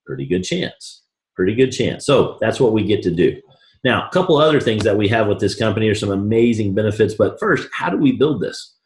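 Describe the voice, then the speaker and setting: Man, lower voice, hard-selling motivational pitch, echoey room. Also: lively intonation, brisk. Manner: folksy, pushy motivational patter. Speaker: presenter at a business opportunity event. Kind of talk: sales pitch presentation.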